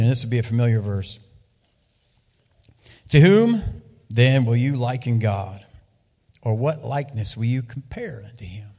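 Man preaching in a reverberant hall. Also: mid-range voice. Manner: lively, loud bursts, sings and laughs at times. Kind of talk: sermon. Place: church hall. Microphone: handheld mic.

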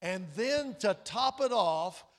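A man preaching a sermon in a church hall, his slightly high voice carrying a long reverb. He talks in a folksy, storytelling way, sinking into quiet, drawn-out emphasis on key lines. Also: expressive. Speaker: pastor.

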